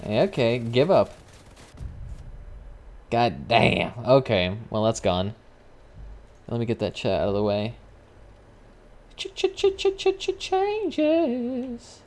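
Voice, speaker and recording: Young man, game streamer, casual live commentary, swears a lot, excitable reactions. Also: on the low side, takes it slowly, long pauses.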